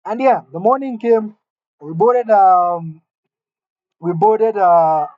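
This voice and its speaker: A man's voice: high-pitched, takes it slowly, no room sound, narrow, tinny audio. Man telling a candid story. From Kenya. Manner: candid, self-deprecating, conversational. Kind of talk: personal storytelling.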